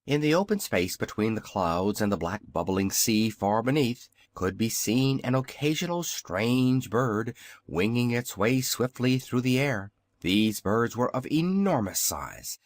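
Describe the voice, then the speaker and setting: Man narrating a storybook, lively up and down voice, dry close sound. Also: on the low side, a little slow, no echo. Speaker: audiobook narrator. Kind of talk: scripted narration.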